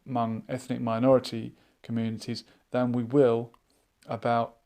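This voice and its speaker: A man hosting a live online chat show, musing out loud and reading viewers' comments aloud in a casual, thinking-aloud way. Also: mid-range voice, level tone, normal speed. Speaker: livestream chat host.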